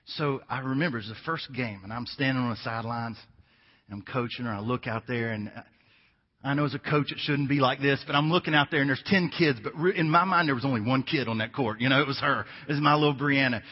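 A man's voice: medium pitch, quick pace, husky, long reverb tail, lo-fi sound. A man in his fifties preaching a sermon, telling stories in a conversational way and repeating his key points for emphasis. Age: 50s. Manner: conversational storytelling with emphatic repetition. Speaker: pastor.

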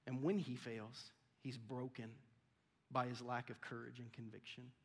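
A man's voice: medium pitch, fairly even intonation, moderate pace, vocal fry, slightly rough. A man preaching a sermon in a conversational style, often acting out the voices of the people in his story. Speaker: pastor. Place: church auditorium. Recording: long church hall reverb.

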